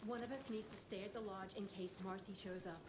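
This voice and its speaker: A woman's voice: medium pitch, fairly even intonation, a little fast, close to an everyday voice. An actress playing an impatient young woman in a video game, curt and dismissive as she talks. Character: impatient young woman searching for a missing friend. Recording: roomy game audio under background noise.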